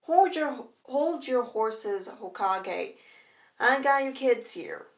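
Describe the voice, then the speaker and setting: A bossy young nurse with a raised, bright voice, as a woman reading a fan story puts her on. She talks in a slow, echoey room. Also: a little high, animated, voice pushed up. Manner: bossy, scolding.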